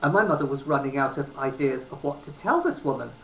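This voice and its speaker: Fast-talking and expressive, a man in his thirties from England rambles through travel stories on his webcam at home, dropping many ums. His mid-range voice is gravelly and fairly bright; the recording sounds roomy, with faint hiss.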